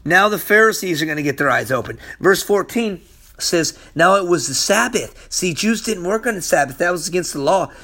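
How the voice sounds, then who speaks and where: A man's voice: high-pitched, animated, normal speed, bright, forceful tone. A man teaching from the Bible in a casual, slangy way. He is hyper and acts out the characters as he goes. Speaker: preacher.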